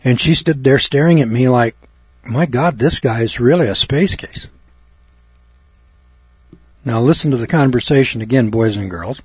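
A man's voice: medium pitch, normal speed, pauses often, slightly rough, no room sound. A cocky man telling a ranting story in a folksy monologue, acting out both sides of a conversation. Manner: cocky, ranting, mimics others in quotes. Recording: dull, slightly lo-fi dry recording.

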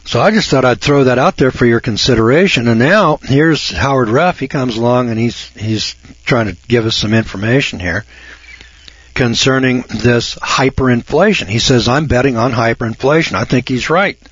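A man's voice: medium pitch, animated, normal speed, fairly bright tone, slightly rough, dry recording. Folksy older man on lo-fi radio. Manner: folksy, emphatic, repeats himself, mocks callers in a raised voice. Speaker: radio talk show host. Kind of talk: casual radio monologue. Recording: dull lo-fi dry radio sound.

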